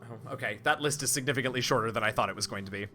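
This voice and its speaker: Bright-voiced joking male streamer. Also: mid-range voice, very fast, faint music behind. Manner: joking, self-deprecating, animated. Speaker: streamer and game host. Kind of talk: casual let's-play chat.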